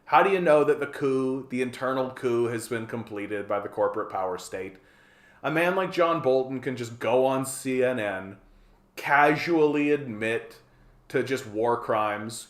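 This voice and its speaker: A sarcastic man rambles through a live political stream, swearing freely. His mid-pitched voice rings in a roomy, echoey room. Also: normal speed, fairly bright tone. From Canada.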